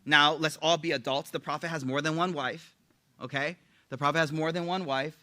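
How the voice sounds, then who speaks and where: A man's voice: on the high side, fairly even intonation, a little fast, bright, forceful tone. A man teaching a religious class to a live audience, informal and slangy, reciting Arabic quotes and joking as he explains them. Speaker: Islamic teacher. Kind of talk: casual religious talk.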